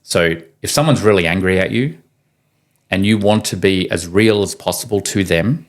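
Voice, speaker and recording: A man's voice: low-pitched, moderate pace. A man talking as a podcast guest, telling stories casually and acting out quoted voices with energy. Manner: animated, acts out quoted voices. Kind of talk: casual conversational storytelling. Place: podcast studio room.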